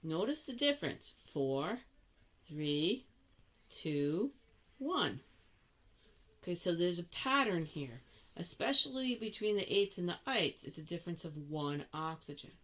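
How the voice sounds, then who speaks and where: An older woman walks through a chemistry lesson at an unhurried, slow pace. Her voice sits a little low, and she talks in a chatty, playful way, catching and fixing her own slips. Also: lively intonation, a bit bright. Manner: chatty, self-correcting, playful asides. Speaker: chemistry teacher. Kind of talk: recorded classroom lesson.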